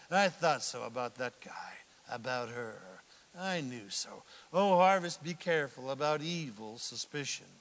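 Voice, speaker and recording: A man preaching a sermon as pastor, animated, dropping to hushed mock voices for quotes. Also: a little high. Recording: long hall reverb.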